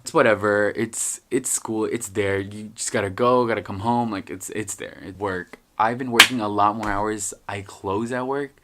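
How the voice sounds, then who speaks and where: A young man vlogging in a casual, profane ranting style, heavy on fillers, with sudden loud outbursts. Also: fairly low pitch. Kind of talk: casual vlog rant.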